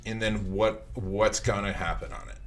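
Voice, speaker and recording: A man hosting a casual podcast interview from his office, rambling loosely and circling back on himself. His voice sits on the low side. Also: fairly even intonation, normal speed, fairly bright tone. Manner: casual, rambling, many fillers and restarts. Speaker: podcast host.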